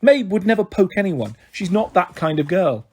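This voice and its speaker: A man's voice: high voice, big pitch swings, normal speed, a little mellow, husky, exaggerated voice. A man voicing an anxious, hurt mother who speaks in a pained, reproachful way. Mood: defensive. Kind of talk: audiobook character voice.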